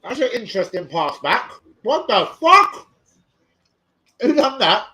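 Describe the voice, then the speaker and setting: An excitable young man runs a live football watch-along. He swears freely and greets his viewers one after another. His voice is bright and forceful, and his pitch swings widely. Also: measured pace, poor audio. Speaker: football fan channel host.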